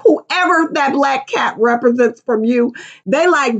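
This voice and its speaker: A middle-aged woman does a casual tarot reading in a high-pitched voice, speaking a little slowly; the recording's highs are cut off. She's brash and profane, clowning with silly voices and snatches of song.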